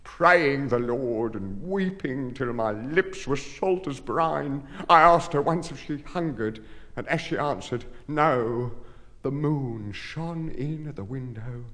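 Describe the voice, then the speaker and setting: A man giving a theatrical poetry recitation, swinging between hushed grief and angry outbursts. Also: medium pitch, in a large hall.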